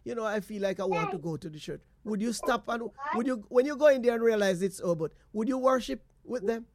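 A man hosting a call-in faith chat, posing drawn-out hypothetical questions. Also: sits high, darkish tone, slight background noise. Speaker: host.

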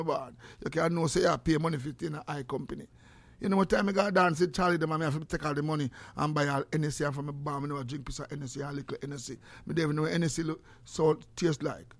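A high-voiced, middle-aged Jamaican man hosts a call-in radio show. He preaches and exhorts his listeners, swinging from loud outbursts to hushed asides. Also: dry recording. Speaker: radio talk show host.

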